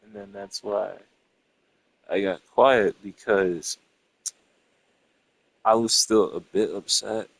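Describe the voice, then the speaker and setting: A man's voice: fairly low pitch, fairly even intonation, takes it slowly, gravelly, long pauses, dry recording, low-quality recording. A young man in a casual, rambling rant, profane and irritated as he tells what happened between him and his friends. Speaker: storyteller venting to a friend.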